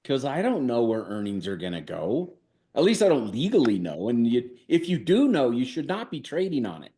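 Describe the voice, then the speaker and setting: Male co-host, mellow dark tone, wry casual delivery. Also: mid-range voice, wildly swooping pitch, moderate pace. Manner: dry, wry quips. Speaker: co-host and options instructor. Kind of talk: casual podcast chat.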